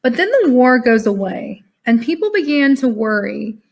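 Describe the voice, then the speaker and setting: Her voice is fairly high and gravelly, with lively intonation and a normal speed. She's a teacher on a video call with her online class, reading a passage and explaining it in a casual, chatty way while sounding tired and calling everyone "y'all."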